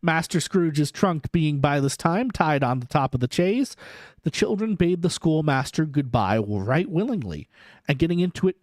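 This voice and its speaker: Lively man reading a story aloud. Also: a little high, no echo, studio quality.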